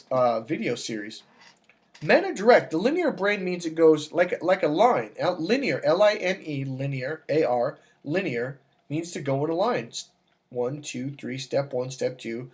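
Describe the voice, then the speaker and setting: A man working as a dating coach, talking casually to camera and telling stories with acted-out dialogue. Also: moderate pace. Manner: animated storytelling, acts out dialogue with raised pitch.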